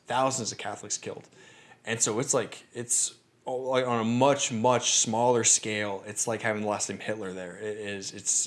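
A man hosting a podcast, telling personal stories in a chatty, animated way. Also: medium pitch. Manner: chatty, animated, many fillers and restarts. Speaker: podcast host. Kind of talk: casual storytelling.

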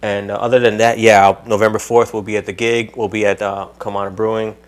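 A man's voice: lowish voice, flat delivery, brisk. A man co-hosting a comedy podcast, talking in an easygoing way in casual banter. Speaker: podcast co-host and stand-up comedian.

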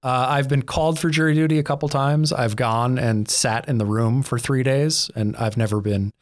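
A man's voice: medium pitch, steady tone, normal speed, no room sound, studio quality. A man, co-hosting a podcast in a rambling, self-deprecating, jokey way. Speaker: podcast co-host. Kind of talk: casual chat.

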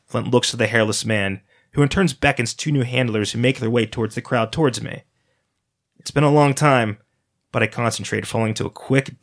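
A man reading a dark first-person story aloud as a storyteller, in a dramatic, steady manner. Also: medium pitch, gravelly.

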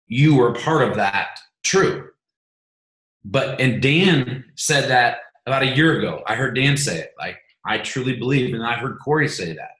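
Fired-up man on an echoey call. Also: medium pitch. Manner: energetic, repeats words, hype-driven. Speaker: host of a coaching call. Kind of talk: motivational team call.

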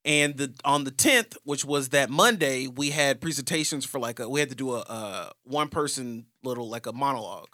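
A man's voice: mid-range voice, fairly quick, few pauses, bright, forceful tone, no room sound, studio quality. A man in his thirties from Texas, telling a story in casual podcast chat with theatrical energy. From Houston, Texas. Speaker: podcast host.

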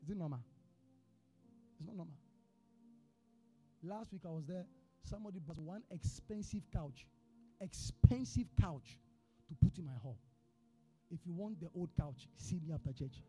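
A man preaching in a church with a Ghanaian English accent, telling a personal story in his sermon. He is an animated storyteller who swings from hushed tones to shouting. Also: fairly high pitch, moderate pace, long pauses, faint music behind. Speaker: pastor.

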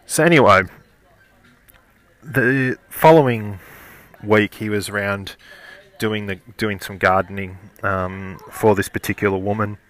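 Bright-toned man rambling through a story. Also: fairly low pitch, no echo. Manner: rambling, halting, many restarts. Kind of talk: casual anecdote.

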